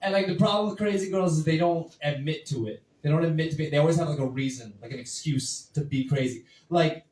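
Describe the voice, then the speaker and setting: Guy in his 20s doing standup, kinda high voice, lots of likes, echoey room and a bit far off mic. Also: a little mellow. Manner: rambling, filler-heavy delivery with acted quotes. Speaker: stand-up comic. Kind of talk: stand-up set.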